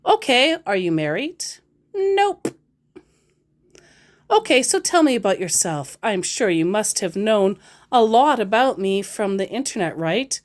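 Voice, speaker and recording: A woman's voice: medium pitch, a little slow, pitched above the performer's own voice. Woman doing a stilted male scammer. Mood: prying. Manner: stilted, broken-English flattery. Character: male online scammer posing as a famous actor.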